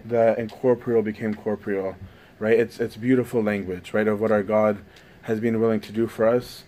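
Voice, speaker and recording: A man's voice: lowish voice, flat delivery, normal speed, mellow. A man giving a conversational sermon, often asking "right?" as he goes. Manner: conversational, frequent "right?" tags.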